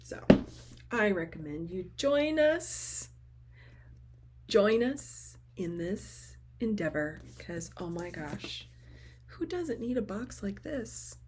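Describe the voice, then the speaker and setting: Slow-talking grandma crafter gushing over a quilt kit, faint hum in the room. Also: female voice, medium pitch. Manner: gushing, excitable, quotes herself and friends. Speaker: craft vlogger. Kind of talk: casual show-and-tell chat.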